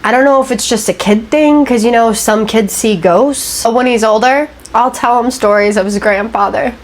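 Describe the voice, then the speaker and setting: A woman's voice: fairly high pitch, moderate pace, slight background noise, lightly acted. A woman doing a worried young dad with a Southern drawl. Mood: earnest worried. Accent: Southern American drawl. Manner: earnest, anxious. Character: worried young father recounting his grandfather's story. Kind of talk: first-person story reading.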